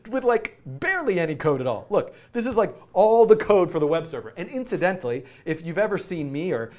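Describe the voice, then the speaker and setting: A man's voice: sits high, very animated, brisk, a little mellow. A middle-aged man teaching coding in a casual, rambling way, often laughing and correcting himself as he works. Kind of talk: casual live-coding tutorial.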